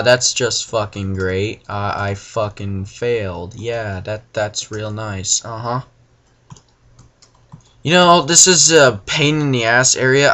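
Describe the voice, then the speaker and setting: A young man giving profane, frustrated let's play commentary, ranting and now and then bursting into yells. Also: medium pitch. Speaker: gamer.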